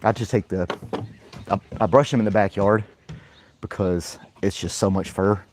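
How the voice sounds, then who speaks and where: A vlogger and podcast host speaks in a fairly low, steady, darkish voice at a moderate pace, with slight background noise. He's out in a backyard playing with his dog, chatting casually, chuckling often and giving playful commands.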